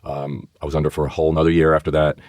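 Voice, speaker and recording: A middle-aged man, a former FBI agent, co-hosting a podcast and telling a story with lively acted-out voices. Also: rumbling low, rapid-fire, no room sound. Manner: vivid storyteller who acts out voices. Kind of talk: storytelling in conversation. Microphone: studio microphone.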